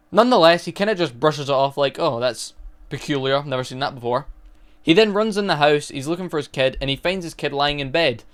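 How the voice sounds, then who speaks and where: A young man casually retelling a movie's plot for a review, rambling along with restarts and fillers. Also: on the high side. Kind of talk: casual spoken film review.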